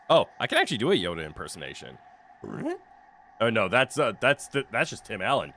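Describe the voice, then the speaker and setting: A man chatting while he streams a game, his voice bright and sharp-edged and bouncing all over his range. He cracks jokes, swears freely and laughs often. He speaks into a desk mic with a noise canceller. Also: lowish voice, big pitch swings, brisk. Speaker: streamer playing a video game. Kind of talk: casual live-stream commentary.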